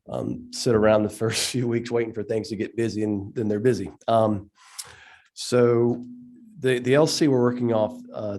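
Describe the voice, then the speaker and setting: Stuffy low-voiced man testifying. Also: a little mellow. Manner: halting, many ums and restarts. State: stuffy from a cold. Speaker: state representative presenting a bill. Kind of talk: legislative hearing testimony.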